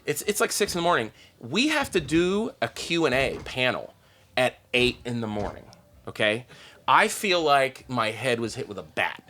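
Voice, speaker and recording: A man, a stand-up comedian, telling a profane, excitable story on a podcast, peppered with "like" and "okay?". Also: mid-range voice, moderate pace.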